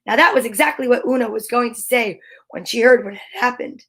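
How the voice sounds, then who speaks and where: A woman's voice: on the high side, a little fast. Give me a playful woman reading storybooks. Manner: playful, animated, chatty asides. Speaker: storytime host. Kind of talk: reading a children's storybook aloud.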